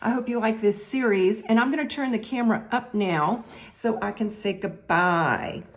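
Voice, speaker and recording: This craft video host has a Southern US accent and an expressive, mid-range voice at a moderate pace. She chats folksily, addressing her viewers directly throughout the tutorial.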